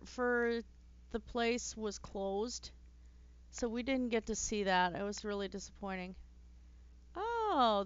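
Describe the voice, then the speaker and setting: A woman streaming herself playing a role-playing game, giggly and chatty, drifting into fillers between thoughts. Her voice is smooth and fairly high, and her talk is unhurried. The sound is dry and a little dull, like a basic home streaming mic. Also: no room sound. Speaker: let's play streamer. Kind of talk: casual gameplay commentary.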